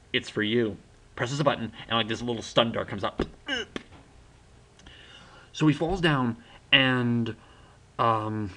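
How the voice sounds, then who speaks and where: A man's voice: fairly low pitch, sharp tone. A young man casually retelling a book's plot for a review, rambling with lots of "like" and acting out the characters' lines. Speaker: book reviewer.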